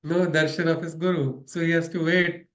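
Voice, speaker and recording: Reading spiritual letters and unpacking them in a conversational style, this man leads a spiritual study circle and speaks with an Indian English accent, frequently closing with a tag question. His pitch is on the high side, his tone level, and his pace moderate.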